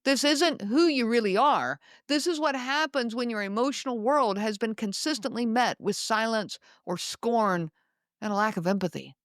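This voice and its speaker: A woman with a slightly high voice hosts an educational podcast in a calm, measured monologue. She slows down to lean on the words that matter. The recording is dry and close, with no room echo. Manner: measured, slowing down to stress key words. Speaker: podcast host.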